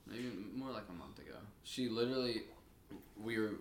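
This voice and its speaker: A low-pitched man co-hosting a casual podcast, retelling stories in an animated way with frequent laughter. The room around him is echoey, and a faint noise sits underneath his voice. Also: brisk. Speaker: podcast co-host. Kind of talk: casual storytelling chat.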